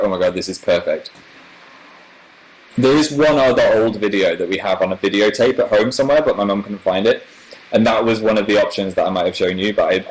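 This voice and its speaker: A man in his twenties from northern England, chatting casually on a livestream as a YouTuber host and answering viewer comments in a rambling, animated way. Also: fairly low pitch, low-quality recording. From northern England, near Manchester.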